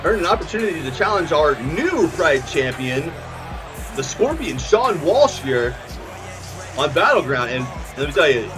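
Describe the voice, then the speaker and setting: A man commentating a wrestling event, his voice sitting a touch high and swinging widely in pitch. He sounds excitable and stumbles over names as he goes. Music plays behind him. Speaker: play-by-play commentator.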